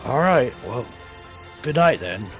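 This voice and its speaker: A man voicing gruff, wary male town sheriffs who question in a blunt way. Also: medium pitch, sing-song, slow pace, a bit bright, soft background music. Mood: concerned. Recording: dull lo-fi audio.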